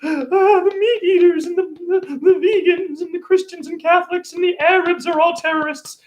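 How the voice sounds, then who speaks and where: A man putting on the shrill, panicky voice of a complainer who fears every group of people. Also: steady tone. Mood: hysterical. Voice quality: shrill and high, far above his own voice. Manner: panicky, slow, drawn-out whine.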